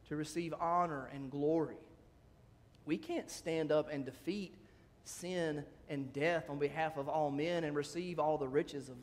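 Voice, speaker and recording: Animated preacher in a reverberant hall. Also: male voice, a little high. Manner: animated, acts out quoted lines in a raised voice; conversational asides between scripture readings. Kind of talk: sermon.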